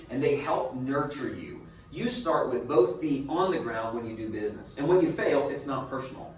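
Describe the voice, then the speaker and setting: A man giving a motivational seminar as a business coach, a lively storyteller who asks his listeners rhetorical questions. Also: mid-range voice, moderate pace, hardly any pauses. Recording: very echoey room, mic far off, faint noise.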